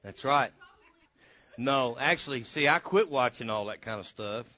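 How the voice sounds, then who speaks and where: A man preaching a folksy sermon, swinging between loud bursts and hushed asides. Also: mid-range voice, lively intonation, a little slow, dull audio.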